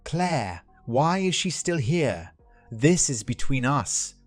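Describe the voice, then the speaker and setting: A man's voice: medium pitch, big pitch swings, takes it slowly, dry recording, soft background music, voice pushed up. A man voicing a desperate young woman, the narrator's ex, pleading to be taken back. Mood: possessive. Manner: earnest, begging.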